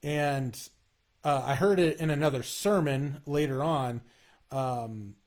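A man in a casual, earnest conversation about faith, talking in halting bursts with frequent restarts. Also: on the high side, darkish tone.

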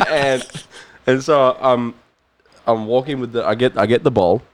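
A man's voice: medium pitch, unhurried, pauses often, a little hiss or hum. A young man telling a story in casual chat, laughing often and swearing freely. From New Zealand. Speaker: podcast guest, musician.

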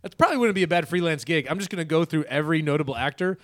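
A man's voice: a little high, rapid-fire, a bit bright, no echo, clean studio sound. A man co-hosting a podcast in casual, joking banter, laughing and swearing often. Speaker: podcast co-host.

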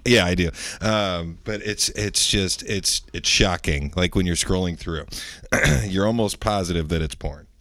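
Low-voiced man in casual podcast chat. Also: a little slow, fairly bright tone, dry recording. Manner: rambling, full of fillers and restarts. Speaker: podcast co-host.

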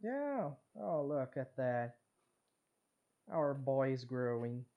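A man co-hosting a podcast who retells events in slow, drawn-out phrases. His tone is casual and chatty. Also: medium pitch, very animated, phone-quality sound. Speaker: podcast co-host. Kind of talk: casual chat.

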